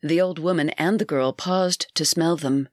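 A woman narrating a scripted story in a calm, measured reading voice. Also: sits low, no room sound, clean studio sound.

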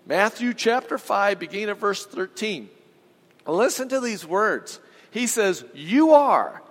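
A man with a high voice delivers a sermon at an unhurried pace. He presses his points with emphatic repetition and calls on his listeners to join in. His voice rings out with the long reverb of a big hall. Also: expressive, fairly bright tone. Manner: emphatic, calls on the congregation to respond. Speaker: pastor.

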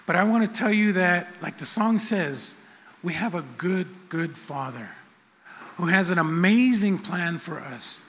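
A middle-aged male pastor preaching in a church sanctuary, his fairly high voice unhurried and chatty. He circles back on his phrases and drops frank asides about himself. Long hall reverb hangs on every phrase. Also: lively intonation, a bit bright, slight background noise. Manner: conversational, repetitive, self-deprecating asides. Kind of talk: sermon.

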